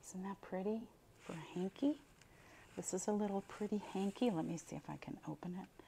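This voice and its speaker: A woman's voice: medium pitch, brisk, vocal fry, warm tone, a little hiss or hum. An older woman running a casual unboxing chat for her viewers, chatty and exclaiming over each item as she pulls it out. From Buffalo, New York. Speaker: reseller unboxing mystery boxes.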